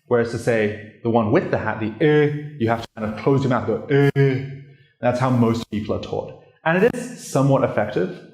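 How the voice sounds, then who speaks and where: A man presenting a casual pronunciation lesson as a learner of the language, explaining in a relaxed, chatty way with lots of "like" fillers. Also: medium pitch, fairly quick. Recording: roomy echo.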